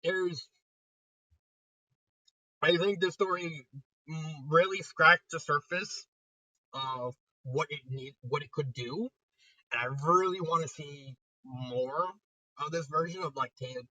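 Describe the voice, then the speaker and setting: A man's voice: a little high, slow pace, long pauses, pushed and bright, no echo, far from the mic, low-quality recording. A young man giving a casual spoken review, retelling it animatedly with frequent laughter and lots of "like". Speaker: fanfiction reviewer. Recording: dry sound, voice set back from mic.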